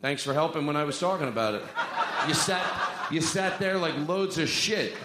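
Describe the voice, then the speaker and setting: There's heavy background noise as a stand-up comedian works a comedy club crowd at normal speed. His voice sits on the high side with lively intonation, and his set is rambling, profane, and self-mocking. The hall echoes with long reverb.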